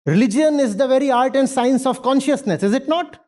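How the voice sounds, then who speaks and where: A man's voice: very high-pitched, fairly quick, a little mellow. A man speaking as a spiritual teacher to a university audience, emphatic, using rhetorical questions and repetition. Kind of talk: lecture with audience Q&A. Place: university lecture hall.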